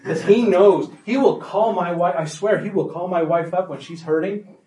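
Speaking to parents at a workshop, a man with a somewhat high but dark-toned voice talks conversationally and emphatically, often pausing to check the room follows him. He's recorded from a distance, and the room adds noticeable echo.

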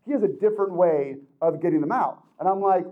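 A man giving a lively motivational talk to a young audience, acting out quoted voices and laughing often. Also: high-pitched, fast, phone-quality sound. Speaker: speaker addressing teens.

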